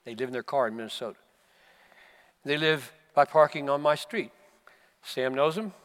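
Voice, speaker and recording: A man in his seventies with an American accent, preaching a sermon at a conference and swinging from low, quiet stretches up to emphatic, passionate peaks. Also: normal speed, long reverb tail. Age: 70s. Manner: impassioned, surging to emphatic peaks then dropping low. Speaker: pastor. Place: conference hall.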